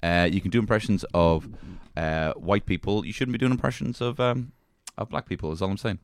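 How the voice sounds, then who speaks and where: A man's voice: deep voice, a little fast, no room sound, studio quality. A man co-hosting a comedy podcast, joking and rambling in casual chat. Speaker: podcast co-host.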